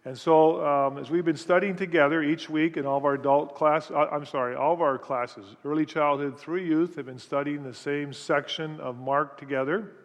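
A man's voice: fairly high pitch, steady tone, normal speed, hardly any pauses. A man with a somewhat raised voice gives a Bible teaching from the pulpit, guiding listeners through scripture point by point. His voice carries a long reverb, as if he is in a large church sanctuary. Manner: explanatory, walks listeners through scripture step by step. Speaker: pastor teaching a Bible study. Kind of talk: sermon-style Bible teaching.

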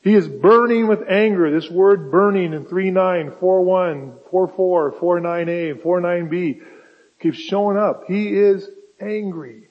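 Husky-voiced pastor preaching in a hall. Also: male voice, sits high, a little slow, highs cut off. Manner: conversational, emphatic rhetorical questions. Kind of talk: sermon. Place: church sanctuary.

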